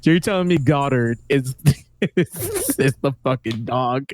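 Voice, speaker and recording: A man's voice: medium pitch, lively intonation, a little slow, a little hiss or hum. A young man co-hosting a podcast over an online voice call, chatting casually, laughing often and swearing freely. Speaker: podcast co-host. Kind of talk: casual chat.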